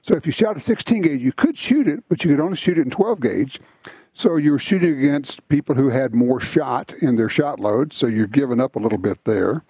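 A man hosting a casual talk show, telling stories in an animated, chatty way. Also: mid-range voice, brisk, breathy edge, no echo. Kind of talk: casual chat, storytelling. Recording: slightly dull lo-fi sound, dry.

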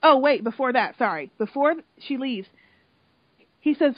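A woman's voice: high voice, lively intonation, measured pace, dry recording. A woman in casual chat, telling an emotional story with swearing and lots of feeling. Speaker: podcast co-host recapping a reality show. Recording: dull lo-fi sound.

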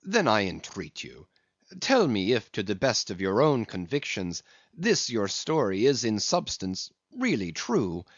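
Man voicing a courteous Spanish gentleman. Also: lowish voice, huge pitch swings, unhurried, no room sound, highs cut off, exaggerated voice. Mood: earnest.

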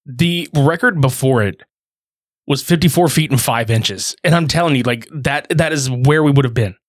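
A man's voice: medium pitch, normal speed, no echo, clean studio sound. A man hosting a podcast, telling a story in casual, profane chat. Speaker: podcast host.

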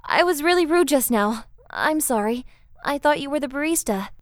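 A woman voicing a gentle young goddess who longs for quiet, speaking softly in a storybook reading. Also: high-pitched, animated, moderate pace, no room sound, clean studio sound, voice pushed up. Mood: wistful.

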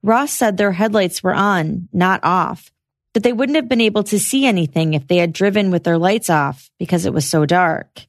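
A woman hosting a podcast, giving a measured, scripted narration of a trial's testimony. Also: lowish voice, no room sound, studio quality. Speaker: podcast host. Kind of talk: scripted true-crime narration.

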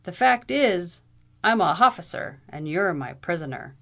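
Woman doing a gruff bailiff. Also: on the low side, big pitch swings, measured pace, fairly bright tone, full character voice. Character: gruff lower-class London bailiff, man.

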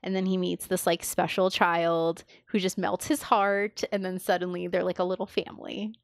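A woman's voice: on the low side, flat delivery, moderate pace, creaky, no room sound, clean studio sound. A woman in casual podcast chat, talking enthusiastically with lots of fillers and acting out quoted lines. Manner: enthusiastic, filler-heavy, acts out quoted dialogue.

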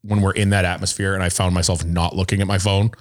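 A man co-hosting a casual podcast, telling animated stories, acting out quotes and swearing freely. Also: deep voice, fast talker. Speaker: podcast co-host. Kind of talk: casual chat.

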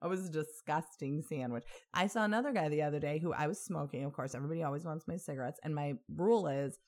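A woman's voice: sits low, quick pace, a little mellow. A young woman co-hosting a podcast, telling stories in a blunt, sarcastic way and swearing freely. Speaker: podcast co-host. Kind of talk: casual storytelling chat.

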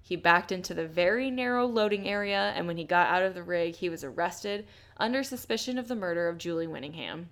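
A woman's voice: on the low side, fairly quick. A woman casually retelling a true-crime case as a podcast host, blunt and swearing freely. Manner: blunt and swears often, reads quotes aloud.

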